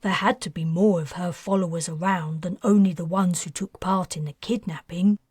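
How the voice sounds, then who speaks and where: A woman's voice: on the low side, steady tone, normal speed, darkish tone, husky, no echo, studio quality. A woman reading an earnest, defensive teenage boy who explains his plans at length, in a storybook.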